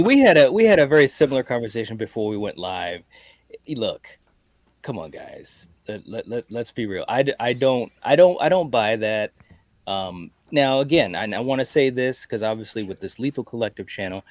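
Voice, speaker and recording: A man co-hosting a casual livestream chat, talking in an animated way with stammering restarts. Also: medium pitch, fairly quick, no room sound. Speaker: livestream co-host.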